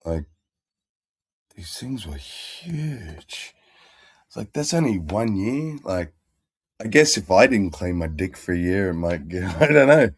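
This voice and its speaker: A man's voice: sits low, sing-song, slow pace, pauses often, breathy edge, no echo, clean studio sound. A man hosting a casual chat in a crude, rambling, laid-back manner. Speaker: stream host.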